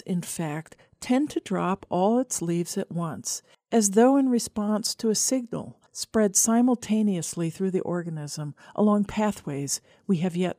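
Middle-aged woman, scripted essay narrator, low mellow voice, dry close sound, calm and reflective. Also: no echo. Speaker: radio essayist.

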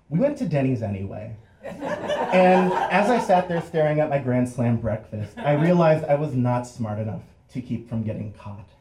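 A young adult man telling a first-person story, acting out the voices of the people in it. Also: medium pitch. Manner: animated, acts out voices in the story and laughs through it. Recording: roomy echo.

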